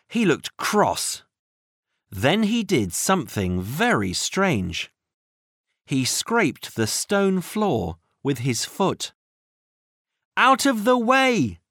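A narrator reading a children's audiobook with slow, expressive storytelling. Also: medium pitch, dry recording, clean studio sound.

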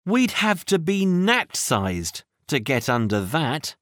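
A narrator voicing an anxious young girl adventurer in a children's audiobook, asking quick, worried questions. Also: medium pitch, big pitch swings, a bit bright, dry recording, studio quality.

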